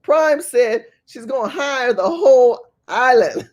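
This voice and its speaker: An animated woman hosts a livestream, reading the chat aloud and pressing viewers with rhetorical questions. Her pitch rises and falls in lively swings. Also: slow pace. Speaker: livestream host. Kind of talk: live-stream talk reading the chat.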